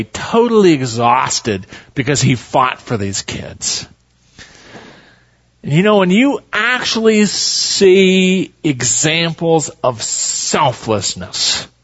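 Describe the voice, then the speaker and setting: A male pastor delivers his sermon like a folksy storyteller, in a fairly high voice. He speaks slowly, with a lively, swooping pitch. The recording has a dull, lo-fi sound.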